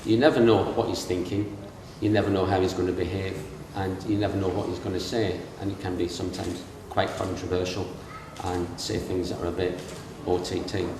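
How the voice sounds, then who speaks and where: Low-pitched and flat, talking fairly quickly with hardly any pauses, a middle-aged English best man performs his comic wedding speech from memory. He spins stories and mimics the voices of their characters in the large reception room of a castle. The recording is distant and reverberant, picking up room noise.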